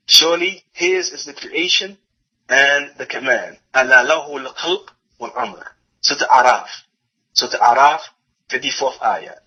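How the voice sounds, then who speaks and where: Male lecturer, husky tone, hesitant self-correcting delivery, muffled recording. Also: mid-range voice, sharp tone. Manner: halting, self-correcting, repeats phrases while translating. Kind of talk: religious lecture reading and translating a text.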